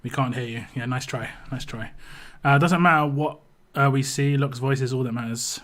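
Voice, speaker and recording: British male streamer, mid-pitched, loose rambling chat with restarts. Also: steady tone, moderate pace, fairly bright tone. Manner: rambling, repeats words, reads chat aloud. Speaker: live streamer. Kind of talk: casual live-stream chat.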